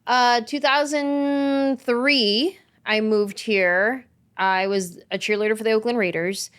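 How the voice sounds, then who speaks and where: A woman in her forties from San Jose, California, a comedian guest telling her story in a casual interview, animated. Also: fairly high pitch, slow pace, smooth. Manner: animated, acts out quoted voices.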